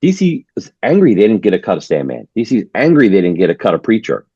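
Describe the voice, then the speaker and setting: A man's voice: fairly low pitch, sing-song, fast talker, warm tone, slightly rough, no echo. A man co-hosting a comics podcast in casual conversation, talking with hesitant restarts. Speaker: podcast co-host. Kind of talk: casual chat. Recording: dull lo-fi mic.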